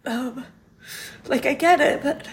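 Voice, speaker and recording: A woman hosting a podcast, speaking in a halting, grieving personal monologue, tearful and sighing as she trails off. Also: sits high. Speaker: podcast host.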